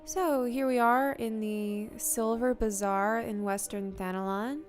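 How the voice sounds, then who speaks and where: A woman streamer giving unscripted, wry and playful commentary while touring a game world, cracking deadpan jokes. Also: a little high, unhurried, faint music behind.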